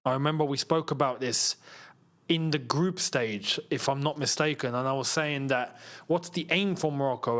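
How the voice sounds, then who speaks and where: A man's voice: mid-range voice, a bit bright. A young man hosting a live football watchalong, chatting casually, laughing often and reading viewer comments aloud.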